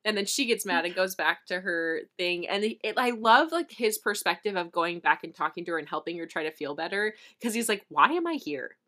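A woman's voice: on the low side, a little fast, few pauses, sharp tone. A woman co-hosting a book podcast, retelling scenes casually and animatedly with lots of fillers. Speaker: podcast co-host.

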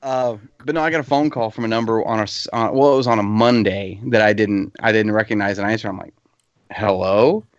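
A man's voice: fairly low pitch, fairly even intonation, fairly quick, no room sound, highs cut off. A man co-hosting a casual livestream, telling laughing, profane anecdotes about his army days. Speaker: podcast co-host, veteran. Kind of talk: casual livestream chat, storytelling.

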